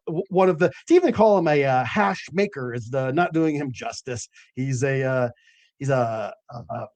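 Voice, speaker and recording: A man's voice: high-pitched, no echo. A man hosting a late-night cannabis show, telling stories in a loose, rambling way with lots of fillers and the odd swear word. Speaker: host of a cannabis growing show.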